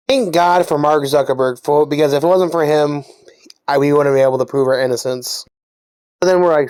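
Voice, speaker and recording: This is a young adult vlogger sharing a story-time tale in a casual, chatty way. The delivery is animated, with the voice leaping up at the exciting moments. The pitch sits right in the middle. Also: a little fast, clear, resonant tone. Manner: animated retelling with lively pitch jumps.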